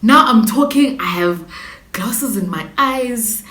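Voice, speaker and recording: A young South African woman with a South African accent, telling a dramatic storytime vlog in slangy, animated bursts. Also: medium pitch, slow. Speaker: YouTuber. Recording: echoey room with faint noise.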